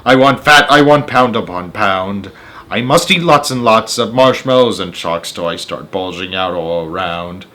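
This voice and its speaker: A man's voice: low voice, animated, normal speed, bright, forceful tone, voice pushed down. A man voicing a boastful male centipede who chants comic rhyming verses in a storybook reading. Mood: gleeful. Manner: sing-song rhyming delivery.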